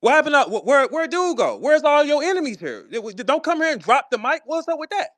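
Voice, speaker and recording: Confrontational male host, high-pitched and profane, bouncing between taunts and laughter; dry sound. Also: big pitch swings, a little fast, fairly bright tone, dry recording. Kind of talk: heated live audio chat. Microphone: online audio room.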